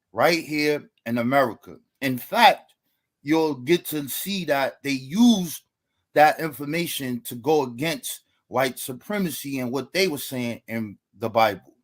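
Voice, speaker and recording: A man's voice: medium pitch, takes it slowly. A man giving a debate opening statement, lecturing and asking rhetorical questions.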